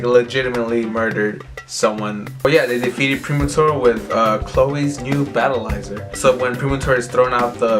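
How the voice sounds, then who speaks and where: A man casually recapping episodes, rambling and filling his talk with "like" as he paraphrases what characters say. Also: medium pitch. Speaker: recap host. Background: faint background music.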